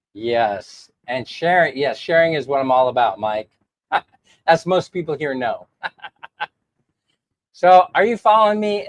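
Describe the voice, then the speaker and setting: A man's voice: on the high side, no room sound. A man rambling in a casual livestream chat, laughing often as he answers viewers. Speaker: vlogger reading live chat.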